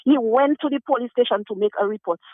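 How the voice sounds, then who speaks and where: Man, caller, very high voice, urgent and pleading, tinny dry phone line. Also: fast, no echo. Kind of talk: call-in radio complaint. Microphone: telephone.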